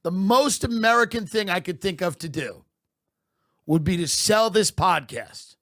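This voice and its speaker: A man doing a satirical comic monologue as a podcast host, deadpan and mock-patriotic, sometimes building into loud rants. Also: sits high, measured pace, dry recording, clean studio sound.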